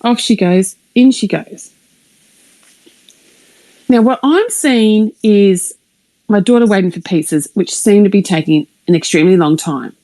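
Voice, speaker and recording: A middle-aged woman, telling a rambling personal story on a live stream, animated and swearing, sometimes dropping to a whisper. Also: mid-range voice, unhurried, pauses often, poor audio. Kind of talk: casual anecdote on a live stream.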